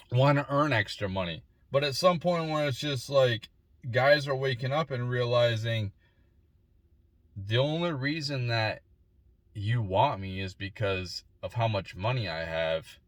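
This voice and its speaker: A man's voice: mid-range voice, a bit bright, no echo. A man in his forties giving a rambling, opinionated solo monologue with frequent restarts and repeated words. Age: 40s. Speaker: vlogger.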